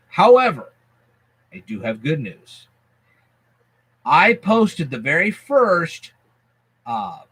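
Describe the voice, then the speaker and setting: A man's voice: on the high side, fairly bright tone, husky, no echo. A man hosting a casual vlog, explaining things to his viewers in a folksy, chatty, emphatic way. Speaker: YouTube channel host.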